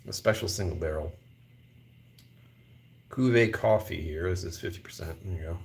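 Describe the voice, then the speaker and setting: A man's voice: low-pitched, normal speed, vocal fry. A man hosting a casual live vlog from a whiskey store aisle, thinking aloud and laughing often. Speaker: whiskey channel host.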